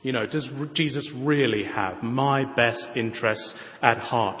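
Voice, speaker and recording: A man preaches a sermon in a church hall whose long reverb trails after each phrase. His voice sits in a middle register. He swings from emphatic, lifted declarations down to hushed, personal asides, often posing rhetorical questions to the congregation. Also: mid-range voice. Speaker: pastor.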